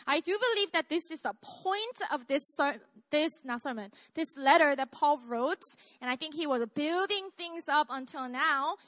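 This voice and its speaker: A woman pastor with a Korean accent delivers a live church sermon in a high, bright voice. She stays chatty and self-deprecating and keeps turning to the congregation with questions. The sound is dry and close, with no room echo.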